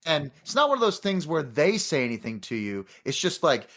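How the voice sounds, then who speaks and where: A man is a guest on a chat show and tells a long story from a film set. His voice sits a little high for a man. He talks in a loose, animated way, restarts often and acts out other people's lines. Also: fairly quick. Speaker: guest actor. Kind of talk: casual anecdote telling.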